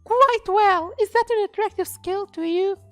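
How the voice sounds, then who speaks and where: A man in falsetto as a doting kraken girl. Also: unhurried, no room sound, soft background music. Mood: eager. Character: clingy, sweet female kraken monster girl. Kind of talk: reading game dialogue aloud.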